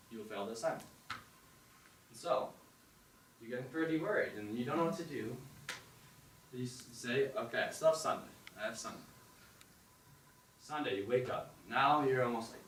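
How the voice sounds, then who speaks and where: A man's voice: medium pitch, fairly quick, long pauses, slight background noise. Young man telling a story in an echoey hall. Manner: animated second-person narration with acted-out inner voices. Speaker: open mic performer. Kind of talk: spoken storytelling on stage. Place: performance hall with audience. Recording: echoey hall, distant mic, faint ambience.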